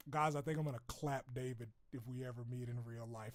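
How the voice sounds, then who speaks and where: A man streaming live and chatting casually with viewers, profane and quick to laugh, swinging between loud outbursts and low mumbles. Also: fairly even intonation.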